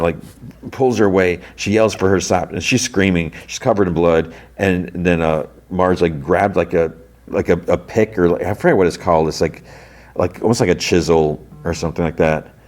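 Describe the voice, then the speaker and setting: A man's voice: low voice, a little mellow. A man hosting a podcast, retelling a TV episode in a loose, rambling way full of filler words. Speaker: podcast host. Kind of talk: casual TV episode recap.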